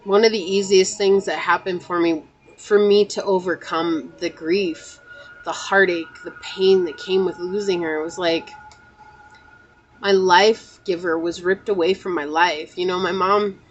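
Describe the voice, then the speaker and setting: A woman's voice: medium pitch, husky, rough recording. A woman host talking earnestly and emotionally to her viewers, near tears at times, repeating phrases and often saying "you know". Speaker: tarot channel host. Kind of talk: personal heartfelt talk to viewers.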